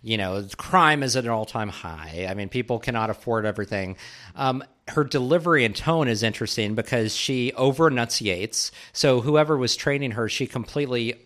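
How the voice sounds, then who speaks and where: A man co-hosting a casual political talk show, speaking in animated, emphatic bursts. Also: medium pitch, moderate pace. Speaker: political commentary co-host.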